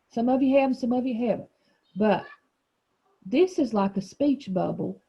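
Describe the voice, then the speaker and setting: Husky-voiced woman teaching children to read. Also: mid-range voice, dark tone, highs cut off. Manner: patient, explaining and encouraging. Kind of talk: reading lesson for young children.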